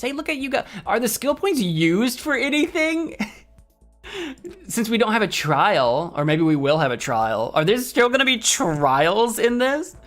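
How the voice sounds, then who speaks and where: A man's voice: sits high, very animated, a little slow, a bit bright, soft background music. Giggly man commentating a game. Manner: chatty, giggly, thinks aloud, reacts to the game. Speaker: streamer. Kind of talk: casual let's-play commentary.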